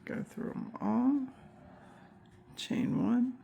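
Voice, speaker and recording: A woman's voice: a little high, drawn-out words, gravelly, mellow. A woman teaching a crochet tutorial step by step, counting stitches aloud with chatty asides, and she has the hiccups. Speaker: crochet instructor.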